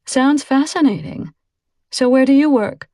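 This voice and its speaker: A woman reading an audiobook voices a quiet, hesitant young woman close to her own voice. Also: high voice, a little slow, dry recording, voice pushed up.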